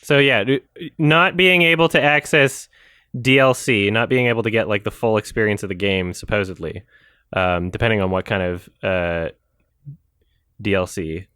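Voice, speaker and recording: A man's voice: on the low side, steady tone, moderate pace, sharp tone, smooth, dry recording, clean studio sound. A man hosting a podcast in casual chat, rambling and swearing, often correcting himself mid-sentence. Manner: rambling, profane, self-correcting. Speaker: podcast host.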